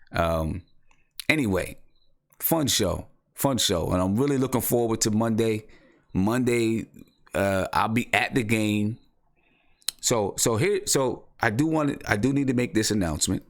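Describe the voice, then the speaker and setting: A man hosting a casual live-stream show, talking loosely with many restarts and repeats. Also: low voice. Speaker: podcast host.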